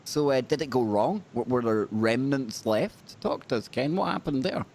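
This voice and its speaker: A man's voice: mid-range voice, normal speed, darkish tone, slight background noise. Punning, self-mocking male podcast host. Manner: jokey, self-deprecating, punning. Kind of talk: casual podcast chat.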